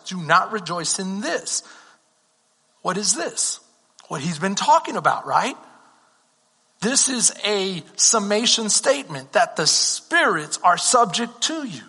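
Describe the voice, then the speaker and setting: A man's voice: high-pitched, bright, forceful tone, husky, long reverb tail. A Texan man preaching a sermon as pastor, talking conversationally and asking the congregation questions.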